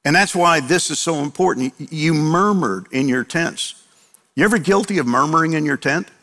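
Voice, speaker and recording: A middle-aged male pastor preaching a sermon, animated, firing off rhetorical questions and acting out quotes. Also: on the high side, normal speed. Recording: long reverb of a large hall.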